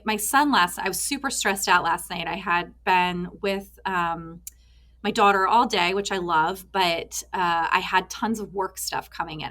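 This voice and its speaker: A woman in her thirties, a therapist being interviewed on a podcast, telling stories animatedly and acting out little voices. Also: on the low side. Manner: animated storyteller, acts out voices in anecdotes. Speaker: therapist and author, guest.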